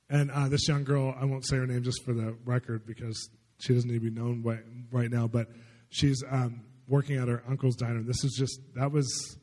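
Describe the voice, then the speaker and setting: A man preaching a sermon as a testimony story. He rambles excitedly with many fillers. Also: mid-range voice. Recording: long hall reverb.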